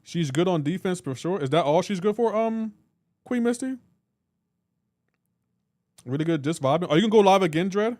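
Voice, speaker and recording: A man's voice: high-pitched, lively intonation, quick pace, hardly any pauses, darkish tone, no room sound, studio quality. A man on a live reaction stream, teasing and bantering with his chat and laughing often. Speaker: livestreamer.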